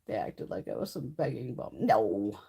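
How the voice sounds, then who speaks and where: A woman's voice: very deep voice, very animated, normal speed, creaky, mellow, breathy edge. A woman hosting a casual live-stream chat, brash and profane, telling stories with frequent laughs. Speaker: livestream host.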